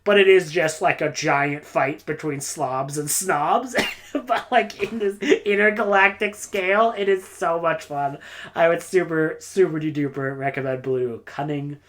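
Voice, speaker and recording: A woman's voice: deep voice, unhurried. A woman reviewing books in a casual, rambling monologue, enthusiastic and full of "like" and "uh". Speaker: book reviewer.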